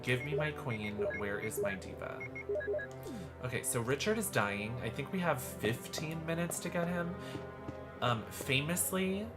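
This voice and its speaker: A man's voice: mid-range voice, a little slow. Campy, chatty man streaming a game. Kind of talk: live gameplay commentary. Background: game music.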